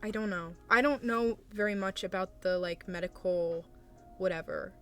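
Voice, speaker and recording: Soft-spoken young woman streamer. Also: medium pitch, moderate pace, faint music behind. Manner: soft, hesitant and supportive, with many fillers and apologies. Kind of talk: casual live-stream chat, reading and answering viewer messages.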